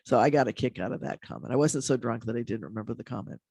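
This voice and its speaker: Chatty rabbi talking on the radio. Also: male voice, mid-range voice, quick pace, vocal fry, a little mellow, breathy edge, no room sound, studio quality. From American Midwest. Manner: chatty, laughs easily, restarts often. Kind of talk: casual call-in radio chat.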